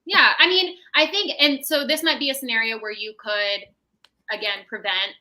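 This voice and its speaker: A woman speaks as a mental health professional on a podcast, talking a parent through calm, practical advice. Her voice is bright and sits a little high. She keeps checking in with "right?" as she explains. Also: moderate pace, low-quality recording. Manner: explanatory, tags statements with "right?". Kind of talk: casual advice chat.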